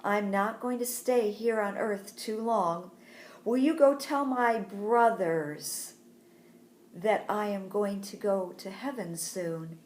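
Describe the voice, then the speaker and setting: A woman voicing a gentle, loving male teacher in a Bible story told to children, speaking calmly and tenderly. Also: medium pitch, slow pace, roomy sound, slight background noise, natural voice.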